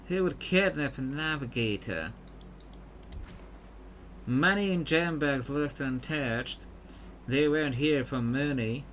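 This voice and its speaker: A man's voice: a little high, takes it slowly, pauses often, a bit bright, slight background noise. A man voicing a confident woman pirate captain with a put-on Southern belle accent, reading game dialogue aloud with determination. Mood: determined.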